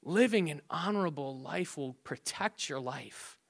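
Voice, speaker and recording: A man's voice: on the high side, expressive, measured pace, vocal fry. A middle-aged man preaching as pastor in a conversational way, joking asides and acting out quarrels, often repeating and restarting words. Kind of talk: sermon.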